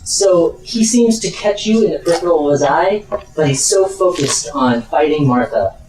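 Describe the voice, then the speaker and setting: A man narrating as game master in a relaxed, hesitant way with many fillers. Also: on the high side, normal speed. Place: home room with air conditioning. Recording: echoey room, far from mic.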